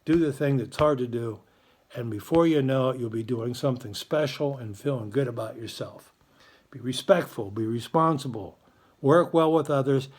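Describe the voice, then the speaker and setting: A man's voice: medium pitch, normal speed. A man hosting his school's morning announcements, chatty and encouraging toward students and parents. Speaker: school morning show host.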